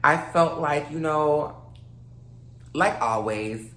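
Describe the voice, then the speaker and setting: A woman's voice: deep voice, slow, a bit bright, reverberant. A woman in her late twenties rambling casually to her viewers, a little tipsy and slightly slurred, with lots of fillers. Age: late 20s. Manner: loose, rambling, many fillers, addresses viewers as y'all. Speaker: vlogger. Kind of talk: casual rambling monologue to camera.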